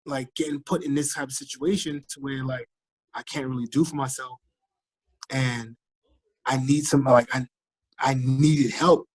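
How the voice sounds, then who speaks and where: Husky man from Trinidad telling his story. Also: mid-range voice, a little slow, long pauses, no room sound. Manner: animated storyteller, acts out quoted voices. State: fatigued, recovering from illness. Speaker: guest, firefighter recovering from illness. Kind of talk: casual interview over a call.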